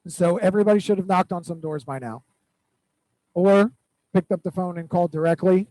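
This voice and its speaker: A man with a high-pitched voice runs a weekly accountability call for his real estate team. He gives direct instructions and keeps repeating the action items. The sound is dry and close. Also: a little fast, no echo, low-quality recording. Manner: direct, repetitive instructions with animated storytelling.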